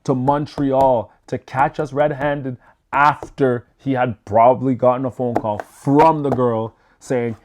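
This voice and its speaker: Young man telling an animated, profane story. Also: mid-range voice, a little slow, slight background noise. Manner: animated, acts out what people said; loose and profane. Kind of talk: casual storytime vlog.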